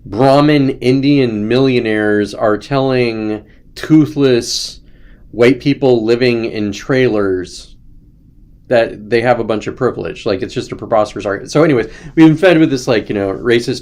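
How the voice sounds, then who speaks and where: A young man rambling through a casual livestream show, talking straight to his viewers. He drifts between loose asides and sarcastic, mocking takes, and his voice sits at a middle pitch for a man. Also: moderate pace, a little mellow. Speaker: host.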